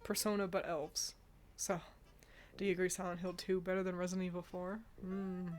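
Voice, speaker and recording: A woman's voice: fairly low pitch, little pitch movement, moderate pace, darkish tone, faint music behind. A woman streaming casual chat about games, talking loosely with swearing, sighs and laughs, a bit stuffy and yawning. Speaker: streamer reacting to game awards.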